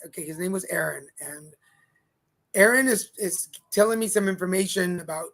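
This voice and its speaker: A man co-hosting a casual livestream chat show, telling a story in a lively way and acting out the other people in it. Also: high voice, moderate pace, creaky. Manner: animated storyteller, acts out quoted lines. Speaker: co-host.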